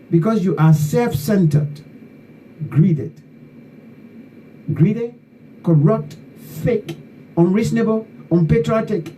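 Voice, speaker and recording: A fervent man with a somewhat high, mellow voice, hosting an online talk show and lecturing his listeners with repeated phrases. He sounds a little far from the mic, with faint noise behind him. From Liberia. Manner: fervent, repetitive, scolding the audience. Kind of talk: impassioned political commentary.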